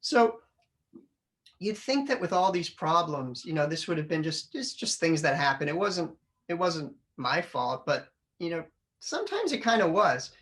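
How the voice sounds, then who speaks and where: Middle-aged man, funny storytelling speaker, lively and animated. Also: fairly high pitch, normal speed. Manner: animated storyteller, acts out family voices. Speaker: public speaker. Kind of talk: humorous storytelling speech. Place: club meeting room.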